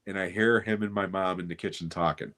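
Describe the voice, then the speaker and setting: A middle-aged man telling a story on a podcast, animated and swearing freely. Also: sits low, a little fast. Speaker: podcast co-host. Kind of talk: casual chat, storytelling.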